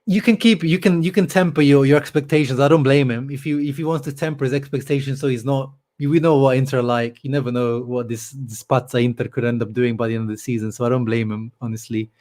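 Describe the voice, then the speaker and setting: A man's voice: mid-range voice, steady tone, fast talker, few pauses, darkish tone. A man hosting a casual live stream about football, chatting loosely with lots of fillers and reading out viewer comments. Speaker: channel host on a live stream.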